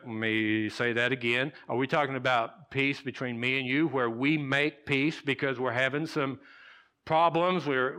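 A man's voice: mid-range voice, bright, forceful tone. A man, a pastor, preaching a sermon in a conversational way, repeating key phrases and checking in with "okay?".

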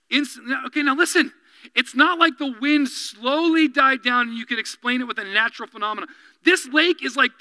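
Bright high-voiced male preacher. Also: no echo, low-quality recording. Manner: animated preaching, dropping to quiet intense asides; acts out quoted voices and dialogue. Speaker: pastor. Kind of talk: sermon.

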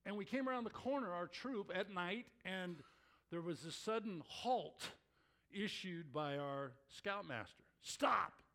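A man preaching a sermon to his congregation, telling stories in an animated way with exclamations that rise. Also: high-pitched, unhurried. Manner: animated storytelling with rising exclamations. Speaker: pastor.

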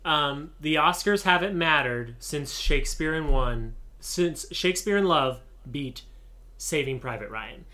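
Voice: medium pitch, expressive, a little slow, sharp tone. A writer co-hosting a podcast, chatting casually with wry remarks and frequent laughs. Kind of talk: casual chat about the Oscars.

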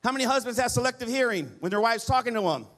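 A man's voice: extremely high pitch, animated, rapid-fire, a bit bright. A middle-aged man preaching a sermon as pastor, pleading with the congregation and calling for responses.

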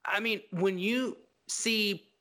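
A man co-hosting a casual film podcast, talking in an animated, profane way and acting out scenes. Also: high voice, slow pace. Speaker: podcast co-host.

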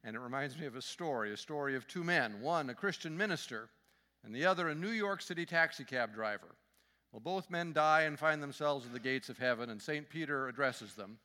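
A man's voice: medium pitch, lively intonation, fairly quick, bright, forceful tone, in a large hall. A man giving a guest sermon in a church in a friendly, joking, conversational manner. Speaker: guest speaker, fundraising consultant. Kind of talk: sermon with humor. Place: church sanctuary.

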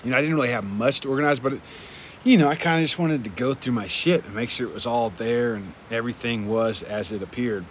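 A man's voice: medium pitch, fast, slight background noise. A young man telling a rambling travel story in a casual, laid-back way, swearing often and filling his talk with "like" and "dude". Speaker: traveling motorcycle vlogger.

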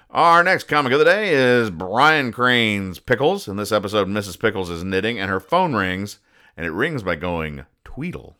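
Deadpan male podcast host, low and bright, smooth delivery, walks through comic strips. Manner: deadpan, explains each joke. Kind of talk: casual comic-strip recap.

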